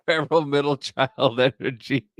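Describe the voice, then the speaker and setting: A man's voice: mid-range voice, steady tone, measured pace, dry recording. A man co-hosting a podcast, chatting casually and bluntly, swearing now and then. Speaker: podcast co-host. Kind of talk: casual chat.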